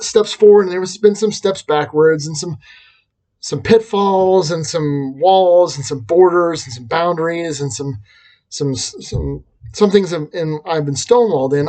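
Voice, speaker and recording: A man's voice: fairly high pitch, dark tone. A man talking through a reflective personal vlog, rambling and self-deprecating, with frequent restarts. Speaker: vlogger and teacher.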